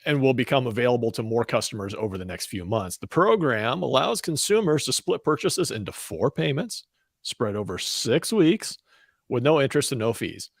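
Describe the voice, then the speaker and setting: A man's voice: medium pitch, animated, normal speed, dry recording. A man co-hosting a radio talk show, chatting casually and reading the news in a dry, matter-of-fact way. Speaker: co-host and news reader.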